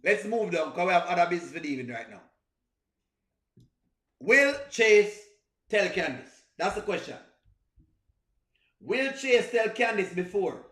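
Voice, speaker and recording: A man's voice: high voice, expressive, a little slow, long pauses, a bit bright, reverberant. A man with a Jamaican accent hosting a reaction livestream, laughing often and repeating phrases as he chats with viewers. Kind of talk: casual chat with live viewers.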